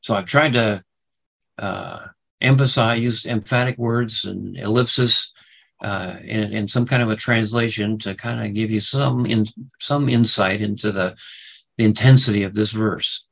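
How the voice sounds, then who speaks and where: A middle-aged man teaching a Bible study lesson, hesitant, with many fillers and restarts, who rises in pitch when he stresses verses. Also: steady tone, measured pace, gravelly, a bit bright, rough recording.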